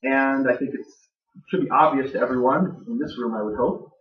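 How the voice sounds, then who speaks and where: A man's voice: mid-range voice, brisk. Man teaching scripture in an echoey room. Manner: plain-spoken with dry jokes. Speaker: Bible teacher speaking to a gathering. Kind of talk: conversational Bible teaching. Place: room with a live audience. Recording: dull, echoey room recording from far off.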